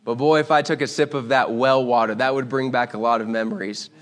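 A man preaching a sermon, telling a Bible story with lively acted-out voices. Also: mid-range voice, brisk. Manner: animated storytelling, acts out voices. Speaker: pastor.

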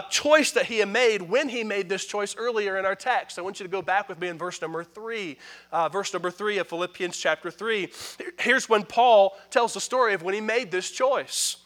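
A male pastor preaching with a high, ringing voice. His delivery is emphatic, darting between hurried asides to the congregation and drawn-out, forceful declarations. He calls out for responses from the pews. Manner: emphatic preaching that swings from quick asides to loud pronouncements. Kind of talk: sermon.

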